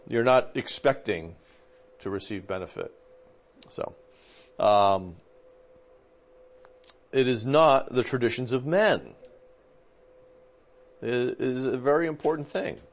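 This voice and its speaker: A man teaching as a pastor, chatty and informal, often pausing on fillers and checking in with his listeners. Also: medium pitch, creaky. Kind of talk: conversational teaching.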